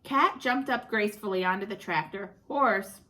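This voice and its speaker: A woman teacher reading a picture book aloud in an animated, expressive way. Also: medium pitch, moderate pace.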